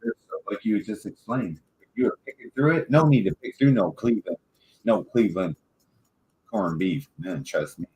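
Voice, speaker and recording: A man's voice: fairly low pitch, expressive, normal speed, mellow, a little hiss or hum, rough recording. A man from Michigan with a Michigan accent, telling a rambling, profane story in casual chat as a podcast co-host.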